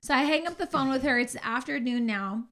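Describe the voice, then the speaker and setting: A woman co-hosting a podcast, telling a story in an animated, emphatic way. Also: sits high, fairly quick. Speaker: podcast co-host. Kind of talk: casual podcast chat.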